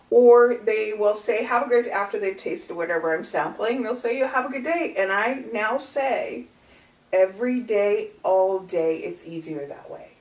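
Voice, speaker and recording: A woman guest on a podcast, a brand ambassador telling stories in a playful, animated way. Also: fairly high pitch. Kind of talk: casual podcast conversation. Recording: echoey room, distant mic.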